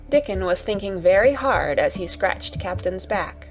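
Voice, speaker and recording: A woman reads a classic children's story aloud in a calm, measured way. Her voice sits at a mid pitch, and soft music plays faintly beneath her. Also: gravelly, low-quality recording. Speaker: narrator. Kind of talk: scripted audiobook narration.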